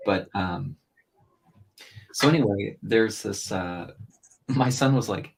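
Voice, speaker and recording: A man's voice: fairly low pitch, moderate pace, slight background noise, rough recording. A father on a streamed podcast, telling a family story in a loose, rambling way full of fillers. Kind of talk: casual chat while streaming.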